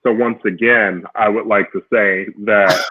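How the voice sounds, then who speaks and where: A man's voice: fairly low pitch, fairly even intonation, a little slow, slightly rough. A man guesting on a casual chat over a video call, drawling with giggly asides. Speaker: guest comedian. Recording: tinny phone-like line.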